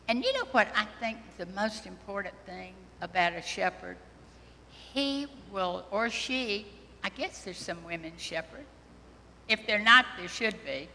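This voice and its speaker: Lady priest doing a kids sermon, slow n gentle, long church echo. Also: mid-range voice, expressive, a little hiss or hum. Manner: slow, gentle, questioning children directly. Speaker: priest giving a children's homily. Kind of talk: children's sermon. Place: church sanctuary.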